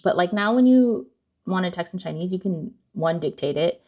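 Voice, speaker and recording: A woman's voice: on the low side, lively intonation, moderate pace, mellow. A young woman hosting a casual card-opening vlog, chatty and self-deprecating, often unsure of words. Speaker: card-opening channel host.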